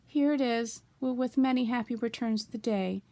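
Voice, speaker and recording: A woman voicing a small, timid young male piglet who talks in a squeaky, nervous, stammering way, in a storybook reading. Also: moderate pace, dark tone, no echo, natural voice.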